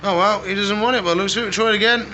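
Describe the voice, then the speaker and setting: A man's voice: high-pitched, fairly even intonation, fast, pushed and bright, a little hiss or hum. A man hosting a casual pet vlog, chatting to viewers and cooing affectionately at his animals as he feeds them. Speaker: exotic pet keeper and channel host. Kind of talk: casual vlog narration while feeding animals.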